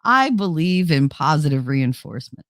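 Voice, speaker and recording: A woman hosting a casual livestream, talking straight to her chat in a blunt, outspoken way. Her voice sits a bit low for a woman, and she curses freely. The sound is close and dry, with no room echo at all. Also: very animated, normal speed. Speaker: livestream host reading chat.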